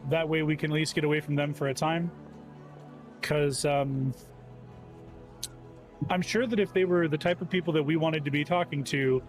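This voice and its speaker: Hesitant man playing a tabletop game. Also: fairly high pitch. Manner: thinking aloud, hesitant. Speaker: player. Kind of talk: tabletop role-play.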